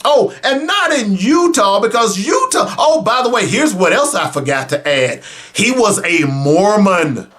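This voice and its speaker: A male radio host giving sarcastic talk radio commentary, talking straight to his listeners and breaking into shouts. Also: sits high, unhurried. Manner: animated, sarcastic, bursts into shouting; addresses listeners directly and casually.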